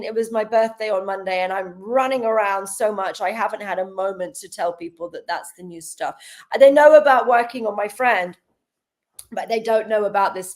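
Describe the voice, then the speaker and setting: A woman, a healer guest on a podcast, telling stories in casual chat with frequent laughs and acted-out dialogue. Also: mid-range voice. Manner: animated, laughs often, acts out quoted dialogue.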